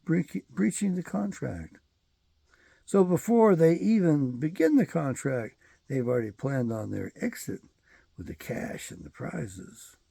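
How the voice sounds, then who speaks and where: Very gravelly, husky male host. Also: on the high side, sing-song, a little slow, warm tone, dry recording. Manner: rambling, profane and emphatic. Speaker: show host. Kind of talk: solo commentary monologue.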